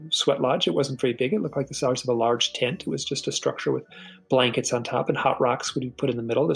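Earnest and halting, a middle-aged man shares a personal story as a podcast guest, often repeating a word as he gets a sentence going. He sounds gravelly and husky at a medium pitch, on a low-quality recording.

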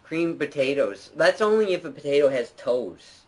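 A man's voice: a little high, very animated, normal speed, a little mellow, low-quality recording. A young man hosting a casual gameplay chat, goofy and joking. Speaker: channel host.

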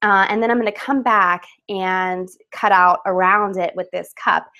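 A woman's voice: mid-range voice, steady tone, normal speed, pushed and bright. A woman hosting a casual live craft webinar from home on a webcam, chatty and upbeat, with fillers and laughs.

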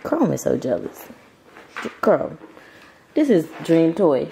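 A woman's voice: low-pitched, big pitch swings, takes it slowly, creaky, noisy background. A woman making a casual home vlog, coaxing her baby in sing-song baby talk and chatting to viewers at home. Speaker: vlogger and mother. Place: home with wood and tile floors.

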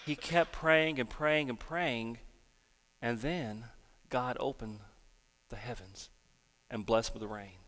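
A man's voice: medium pitch, slow, long pauses, long reverb tail. A male pastor giving a folksy children's sermon and prayer in a church sanctuary. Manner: animated storytelling, folksy.

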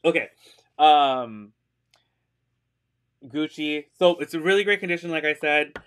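In a smooth, slightly bright voice of fairly high pitch and measured pace, a man runs a livestream selling pre-owned designer handbags. His casual sales chat is full of fillers, frequent giggles, and upbeat gushing over the purses.

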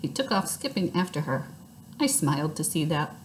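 A woman reading a children's book aloud in lively first-person storytelling. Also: low voice, normal speed, slight background noise.

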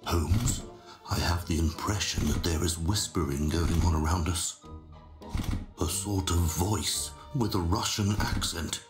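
A man's voice: sits low, measured pace. A man voicing a timid, loyal sidekick in a game, earnest and a bit nervous, with music and echo behind. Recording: game audio, echoey with music.

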